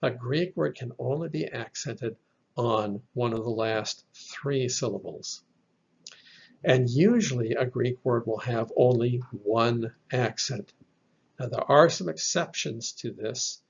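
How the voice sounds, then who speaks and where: Male teacher, slow and patient, husky gravelly voice, lo-fi voice-over. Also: medium pitch. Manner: slow, patient explaining with fillers. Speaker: Bible Greek teacher. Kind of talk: slide-based lesson.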